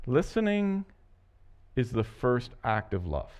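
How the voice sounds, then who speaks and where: A man preaching a sermon as a pastor, animated and laughing often as he acts out the story. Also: mid-range voice, slow.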